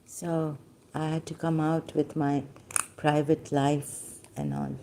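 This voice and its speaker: A woman, hoarse from losing her voice, talking haltingly with many pauses and fillers in a personal video monologue. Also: deep voice, very animated, dark tone, a little hiss or hum.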